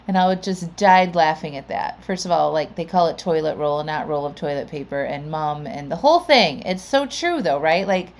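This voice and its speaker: Chatty lower-voiced woman podcast host. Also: moderate pace, hardly any pauses. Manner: conversational, with frequent "like" and "right?". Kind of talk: chatty podcast intro monologue.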